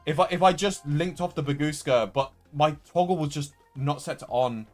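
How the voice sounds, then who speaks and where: A man's voice: fairly high pitch, normal speed, faint music behind. A young man streaming a card game live, talking through a loss with frustration and repeating himself. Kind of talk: live gameplay commentary.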